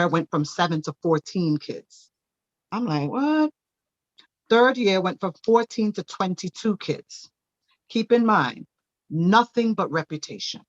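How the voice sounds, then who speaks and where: A woman, a daycare owner, telling her personal testimony in a church interview with animated storytelling. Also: on the low side, highs cut off. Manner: animated storytelling, acting out quoted voices.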